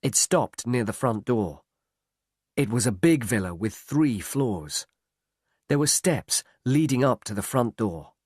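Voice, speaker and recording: Slow, clear male story narrator. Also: mid-range voice, expressive, a little mellow, dry recording, studio quality. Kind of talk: scripted story narration for learners.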